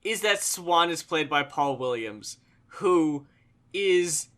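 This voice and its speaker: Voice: medium pitch, expressive, takes it slowly, fairly bright tone. A co-host in a casual film review chat, enthusiastic and rambling, swearing casually. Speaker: co-host of a movie review show.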